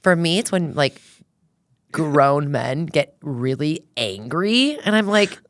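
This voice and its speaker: A chatty middle-aged woman hosting a podcast, with a notably low voice. She keeps slipping into quick little re-enactments of what she said or thought, padding everything with "like." The sound is close and dry, as in a small studio. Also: lively intonation, no echo. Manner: chatty, acts out her own quoted thoughts, heavy use of "like". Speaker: podcast host. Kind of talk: casual chat.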